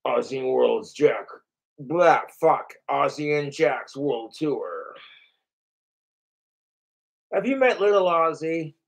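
On his livestream, a man with a voice on the high side talks at a slow pace with lively intonation, vocal fry, and long pauses. His rant is casual, profane, and boastful, and he acts out what others said.

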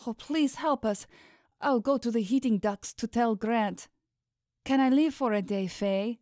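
Audiobook role: a timid young servant woman, pleading and anxious, high-pitched, voiced by a woman narrator. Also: unhurried, darkish tone, no echo, clean studio sound, close to an everyday voice. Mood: fearful pleading. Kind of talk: audiobook character voice.

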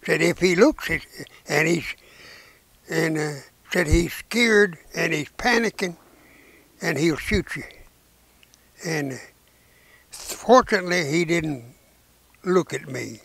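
A man, a war veteran and preacher telling his memories slowly and haltingly in an interview, in folksy rural speech. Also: on the high side, gravelly, fairly bright tone, no room sound. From Arkansas, United States. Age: 90s. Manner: slow, halting storytelling with many "uh"s and restarts.

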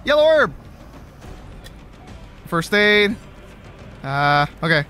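A man's voice: high voice, big pitch swings, drawn-out words, pushed and bright, faint music behind. A man streaming a horror game, swearing, exasperated and repeating himself in panic. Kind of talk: live gameplay commentary.

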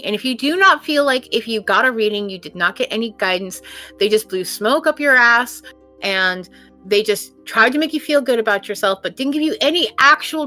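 A middle-aged woman with a bright, forceful, slightly high voice holds forth in casual podcast chat. She is blunt, sassy and freely profane, with faint music underneath. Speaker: podcast co-host and tarot reader.

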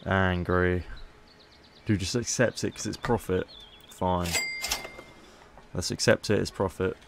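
A man's voice: deep voice, steady tone, slow pace, gravelly, slight background noise. A man casually commentating gameplay as a YouTuber, chatty and playful. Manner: chatty, playful, haggling asides. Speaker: gaming YouTuber.

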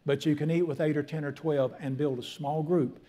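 A man's voice: on the high side, fairly even intonation, a little fast, mellow. A middle-aged man, preaching a folksy, emphatic sermon as a pastor in a church. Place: church sanctuary.

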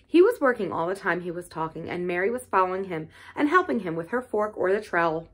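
Woman calmly narrating a children's classic. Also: fairly low pitch, fast talker, few pauses. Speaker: storybook reader. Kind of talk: storybook narration.

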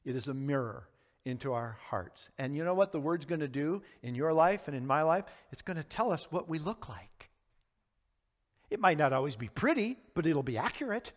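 A man's voice: fairly high pitch, lively intonation, moderate pace. A man teaching a verse-by-verse Bible study as a pastor, earnest and questioning his audience, sometimes acting out quoted lines. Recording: long hall reverb.

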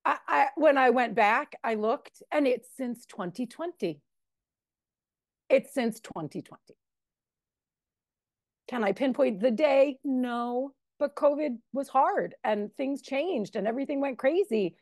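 A woman's voice: sits high, lively intonation, measured pace, no echo, studio quality. A woman in her forties giving a candid, emotional personal recovery testimony at a meeting. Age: 40s. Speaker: member sharing at a recovery meeting.

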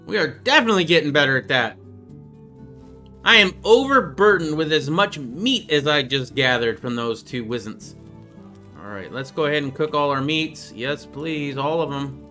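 A man with a high, bright, forceful voice gives casual gameplay commentary as the show's host. He is chatty and playful and pokes fun at himself. Faint music plays underneath him. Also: lively intonation, moderate pace. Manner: chatty, playful, jokes at his own expense. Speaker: gaming video host.

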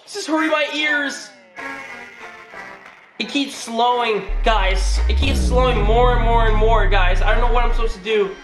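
A woman hosting a reaction video, shouting panicked exclamations at what she watches, in a roomy space with music behind. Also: a little high, moderate pace. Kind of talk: excited reaction commentary. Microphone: headphones and desk mic.

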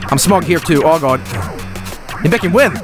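Male streamer, high-ish voice that leaps around, grumbles then yells at the game, faint music behind. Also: lively intonation, normal speed. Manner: swings from low grumbling to loud yelling and cursing at the game. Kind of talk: live gameplay commentary.

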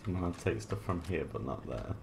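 A man's voice: sits low, animated, a little fast, vocal fry. A man giving casual gameplay commentary, tossing off jokes and swearing asides. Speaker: gamer. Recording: background noise.

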